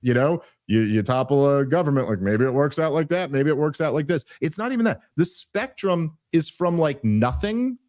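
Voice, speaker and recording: A man's voice: on the high side, animated, moderate pace, hardly any pauses, darkish tone, no echo, studio quality. A man hosting a podcast, ranting heatedly and sarcastically about politics, swearing often and restarting his sentences. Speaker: podcast host. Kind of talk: casual political commentary.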